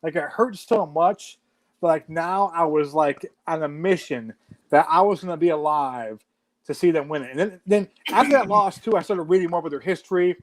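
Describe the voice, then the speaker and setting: Man, 40s, high-pitched, lively casual storyteller who swears freely. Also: moderate pace. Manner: animated storytelling with frequent swearing. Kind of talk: casual chat.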